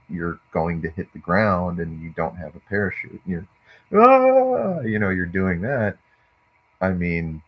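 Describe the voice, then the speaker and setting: A man's voice: sits low, slightly rough. A man musing in a rambling monologue, meandering and hesitant, with many fillers, on a dull lo-fi recording. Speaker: vlogger.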